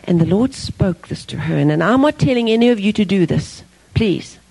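A middle-aged woman giving an earnest sermon to parents, telling personal stories with emphasis and sometimes dropping to a hushed voice. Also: mid-range voice, animated, normal speed, creaky, husky, rough recording. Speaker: Christian speaker teaching parents.

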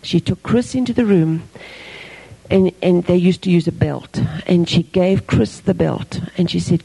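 Middle-aged woman, sermon to parents, earnest and emphatic, gravelly, husky. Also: on the low side, measured pace, poor audio. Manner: earnest, emphatic, drops to a hushed voice at times. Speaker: Christian speaker teaching parents. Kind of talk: personal-story sermon.

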